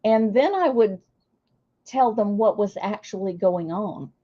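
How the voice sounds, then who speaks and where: An older woman, chatting warmly and emotionally with her viewers as a streamer. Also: medium pitch, expressive, a little slow, lo-fi sound. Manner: warm, emotional, gushing. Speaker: streamer hosting a celebration. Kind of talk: casual chat to viewers.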